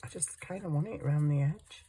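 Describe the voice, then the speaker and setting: A woman's voice: low-pitched, moderate pace, warm tone, slightly rough. A woman chatting casually to viewers and herself as she works on a wire craft project. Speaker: craft vlogger. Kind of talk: casual chat while crafting.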